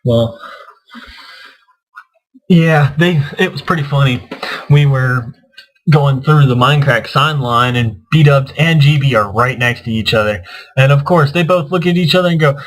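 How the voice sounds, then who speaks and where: A man's voice: on the high side, moderate pace, poor audio. A man who hosts a gaming channel, telling a rambling convention story in casual chat and acting out what others said. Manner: rambling storyteller, acts out quotes. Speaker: gaming YouTuber.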